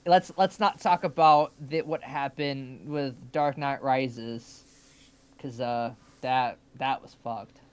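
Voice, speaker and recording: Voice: mid-range voice, steady tone, takes it slowly, clear, resonant tone. A co-host chatting casually and swearing often. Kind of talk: casual chat.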